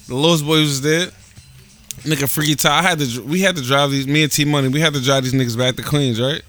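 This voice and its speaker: A man tells profane stories on a podcast at a rapid clip. His voice is bright and a little high for a man. Music plays faintly behind him. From Staten Island, New York. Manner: rapid, profane, animated storytelling. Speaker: podcast co-host. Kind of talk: casual podcast banter.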